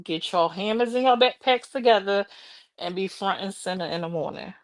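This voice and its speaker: A tired woman hosting a casual chat with her viewers, sassy and animated, talking while out walking a dog in the rain. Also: mid-range voice, normal speed, no room sound. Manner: sassy, animated, slangy and drawling. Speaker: livestream host.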